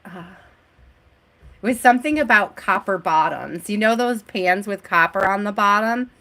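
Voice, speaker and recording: A woman's voice: medium pitch, animated, normal speed, a bit bright. A woman hosting a live tarot stream who reads out card meanings, then chats loosely, laughs often and greets viewers by name. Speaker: tarot reader.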